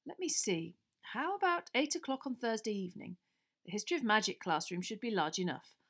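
A woman reading an audiobook voices a calm, kindly male wizard teacher who explains things patiently and evenly. Her mid-range delivery stays measured and close to her own natural voice.

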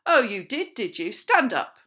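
A woman voicing a harsh, bullying older male schoolteacher with a military bark, shouting and sneering at pupils. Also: mid-range voice, lively intonation, moderate pace, lightly acted. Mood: menacing. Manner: barking, shouting, contemptuous.

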